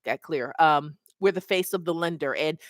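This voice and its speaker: A woman's voice: low voice, moderate pace, no echo, clean studio sound. A middle-aged woman and mobile notary mentor, telling a story casually to her webcam and acting out the voices of the people in it.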